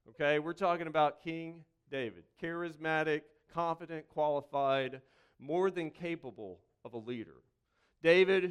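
A man preaching a sermon, opening with a hushed, slow prayer and then moving into animated, conversational preaching in a church. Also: on the high side, smooth. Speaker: pastor.

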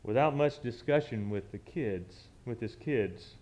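A man's voice: medium pitch, measured pace, warm tone, highs cut off. A man, telling a personal story from the pulpit in a conversational, reminiscing way with frequent restarts. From southern United States. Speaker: church speaker.

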